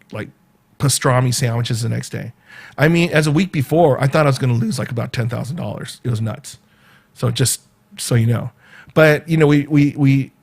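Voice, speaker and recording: A man with a Southern California accent talks to his viewers in a loose, rambling way. His pitch sits in an ordinary middle range. He stumbles over repeated words and answers commenters by name. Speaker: show host and event organizer. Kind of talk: casual chat to viewers.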